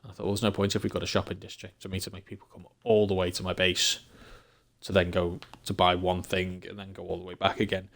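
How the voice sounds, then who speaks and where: A low-pitched English man giving relaxed, rambling commentary on a live game stream. He thinks aloud as he goes and breaks into chuckles now and then. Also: fast, gravelly. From England.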